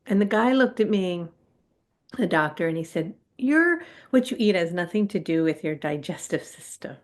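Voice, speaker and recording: A woman's voice: fairly low pitch, moderate pace, creaky. Middle-aged woman telling her story candidly. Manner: animated, acts out her own quoted reactions. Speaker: guest, spiritual channel.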